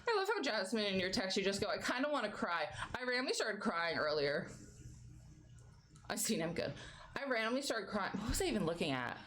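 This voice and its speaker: Give me a young woman streamer in casual chat, laughing a lot, with a lively, animated pitch. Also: a little fast. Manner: chatty, giggly, baby-talks her pets.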